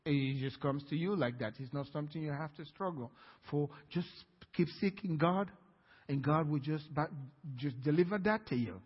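A man preaching a sermon in a church, telling a personal story and swinging from quiet to loud. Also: a little high, moderate pace, slightly rough. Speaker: guest preacher. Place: church sanctuary. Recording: dull, reverberant church hall.

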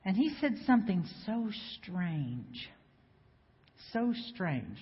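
Woman, preacher, lively sermon, banters with the congregation, long church echo, slightly muffled sound. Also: mid-range voice, slow pace, husky. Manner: lively, banters with the congregation, asks rhetorical questions. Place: church sanctuary before a congregation. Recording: echoey hall, slightly dull sound.

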